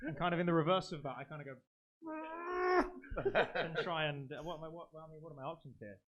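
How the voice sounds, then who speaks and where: A man playing in a tabletop game, thinking aloud tentatively with many ums. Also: a little high. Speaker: player. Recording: slightly dull recording.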